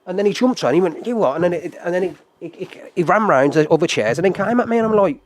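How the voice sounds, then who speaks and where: A man's voice: high voice, expressive, fast talker, a crowd in the background. A man arguing heatedly in casual chat, stumbling and repeating words as he retells a confrontation.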